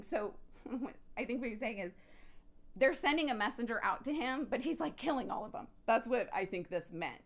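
Woman teaching bible study, kinda high voice, chatty and animated with lots of asides.

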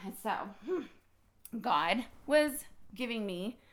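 Woman preacher, higher voice, emphatic and swinging between hushed and fired up, echoey phone recording. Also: slow. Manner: emphatic, swings from quiet to loud and excited. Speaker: podcast host and preacher. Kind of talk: impassioned personal sermon.

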